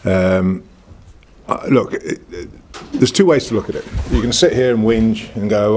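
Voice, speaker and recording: A man's voice: on the low side, moderate pace, darkish tone, slight background noise. A man in his sixties with a northern English accent, answering reporters at a press conference in a blunt, confident, plain-spoken way. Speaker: cricket club chairman.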